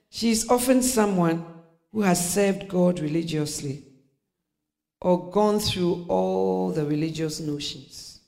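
A woman's voice: low-pitched, gravelly, a little mellow. A middle-aged woman preaching a sermon, telling stories with laughter, acting out voices and dropping to near-whispers.

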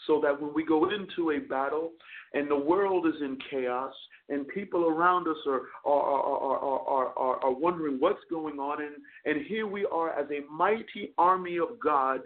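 A man who is a chaplain and radio show host, preaching a sermon with repeated words and fervent build-ups. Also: on the high side. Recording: tinny phone-line audio.

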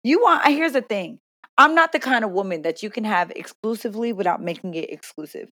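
A woman's voice: medium pitch, animated, a little fast, a bit bright, no room sound, clean studio sound. A young woman co-hosting a casual chat, blunt, profane and playful, laughing often. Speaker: podcast co-host.

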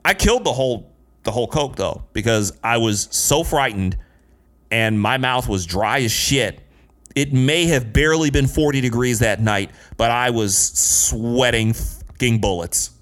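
A man's voice: medium pitch, lively intonation, unhurried, fairly bright tone. A man in his late thirties telling a personal story in an earnest, emphatic way, building his points through repetition. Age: late 30s.

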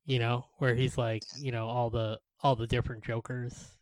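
A man's voice: mid-range voice, flat delivery, moderate pace, dry recording. Hesitant man recalling a film, dry and close. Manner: loose, hesitant, self-deprecating. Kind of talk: casual film discussion.

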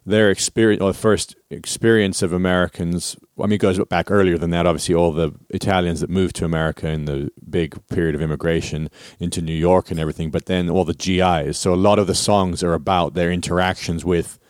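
A man with a very deep voice, chatting in a relaxed, musing way on a podcast. He often trails off and picks up again. The sound is dry and close to the mic. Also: fairly quick, hardly any pauses, smooth, dry recording. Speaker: podcast co-host. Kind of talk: casual chat.

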